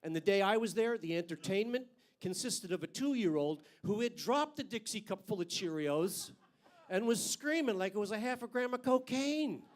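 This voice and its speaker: A man's voice: high-pitched, animated, moderate pace. An older man doing a stand-up comedy routine on a club stage with a handheld mic, brash and profane, landing punchlines hard.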